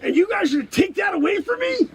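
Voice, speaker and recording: A man's voice: sits high, very animated, moderate pace, slight background noise. A man playing a boastful, melodramatic time-traveling man who rants in exasperation in an improvised comedy sketch. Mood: indignant. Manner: exasperated rants, shouting, frequent exclamations.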